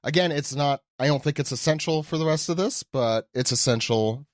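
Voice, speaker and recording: A man hosting a podcast in a casual, joking way, teasing his guests with quick asides. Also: fairly high pitch, dry recording, clean studio sound. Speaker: podcast host. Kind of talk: casual chat.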